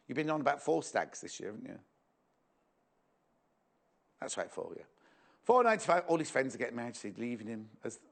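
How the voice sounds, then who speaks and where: A man presenting a live shopping show in a playful, jokey, chatty way, reading out viewer messages. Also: medium pitch.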